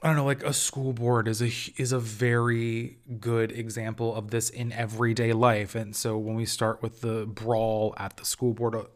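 A man's voice: mid-range voice, little pitch movement, moderate pace, few pauses. A man hosting a casual solo review podcast, talking in an amused, enthusiastic way with lots of fillers and restarts. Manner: chatty, rambling with many fillers and restarts. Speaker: TV critic podcast host.

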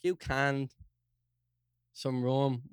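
A young man with a Dublin accent, co-hosting a podcast, telling a story in an animated way, swearing and acting out quotes. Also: mid-range voice, drawn-out words, clear, resonant tone, no echo, clean studio sound. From Ireland. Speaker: podcast co-host. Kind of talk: casual storytelling chat.

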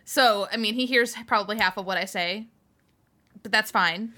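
A woman in her twenties co-hosting a casual podcast from home, talking fast and candidly with frequent laughs. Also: mid-range voice, pushed and bright. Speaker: podcast co-host. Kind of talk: casual chat.

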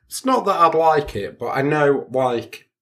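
A man's voice: fairly high pitch, lively intonation, a little slow, a bit bright. English man with dry teasing banter. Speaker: podcast co-host. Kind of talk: casual comedic banter.

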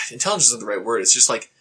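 A man's voice: mid-range voice, very animated, fast, sharp tone, breathy edge. A man in casual podcast chat who rambles as he explains ideas, filling his talk with "like" and "right?". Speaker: podcast co-host.

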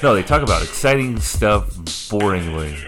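Playful low-voiced man co-hosting a podcast. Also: animated, moderate pace, music in the background. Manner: playful, jokey, breaks into sing-song. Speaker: podcast co-host. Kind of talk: casual chat.

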